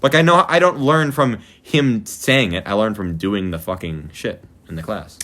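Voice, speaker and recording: A man's voice: fairly low pitch, normal speed, pushed and bright. A teenage boy hosting a casual chat with school friends, telling rambling stories with swearing and mimicked voices. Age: teens. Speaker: podcast host.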